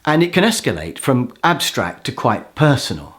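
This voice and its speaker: A man teaching a course, telling a personal story in a self-mocking, animated way and acting out what people said. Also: mid-range voice, normal speed. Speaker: course instructor. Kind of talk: storytelling lesson.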